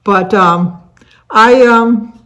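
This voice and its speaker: A woman's voice: a little high, very slow, fairly bright tone. An older woman from the Detroit area, United States, chatting casually to camera as a vlogger, rambling with lots of fillers and restarts. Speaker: vlogger hosting a tag video.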